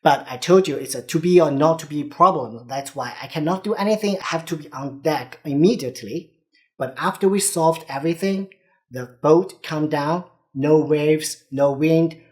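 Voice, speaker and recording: A man's voice: on the high side, normal speed. A man with a Chinese accent, a native Chinese speaker, giving an urgent, earnest video commentary as a vlogger. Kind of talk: direct-to-camera commentary.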